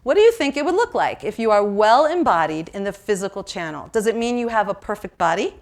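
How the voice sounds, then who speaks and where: A woman from New York leading an interactive seminar, talking lively and asking the audience questions. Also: medium pitch, brisk. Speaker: workshop presenter.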